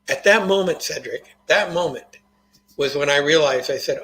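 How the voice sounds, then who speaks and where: Older man, interview guest, folksy storyteller, earnest, fairly high, bright voice. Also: moderate pace, slight background noise, rough recording. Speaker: guest, motivational author.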